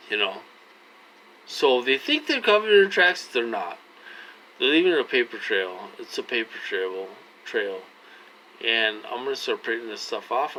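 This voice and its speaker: Guy in his 40s talking to his followers, slow and draggy, bright tense voice, keeps repeating himself, real earnest. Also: mid-range voice, slight background noise, low-quality recording. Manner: earnest, repetitive, pleading. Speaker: vlogger. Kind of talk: casual direct-to-camera talk.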